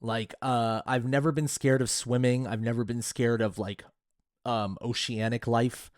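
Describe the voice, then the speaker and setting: A man's voice: mid-range voice, a little slow, no echo, studio quality. A man co-hosting a casual movie podcast, rambling with lots of fillers. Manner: animated, rambling with many fillers. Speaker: podcast co-host.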